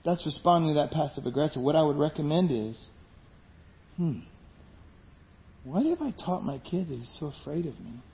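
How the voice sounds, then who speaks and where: A man preaching a sermon, animated, acting out the voices of people in his stories. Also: fairly high pitch, normal speed, gravelly, pauses often, dull audio, slight background noise. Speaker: pastor.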